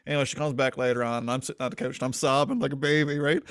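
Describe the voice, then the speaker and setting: A man on a podcast telling an animated, self-mocking story in casual chat. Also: medium pitch, racing, few pauses, clean tone, no room sound, studio quality.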